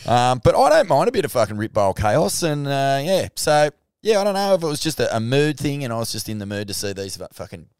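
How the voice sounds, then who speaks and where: A man with an Australian accent, co-hosting a podcast in casual surf talk, rambling and swearing excitably. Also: medium pitch, fairly quick, smooth, no echo, studio quality. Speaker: podcast co-host.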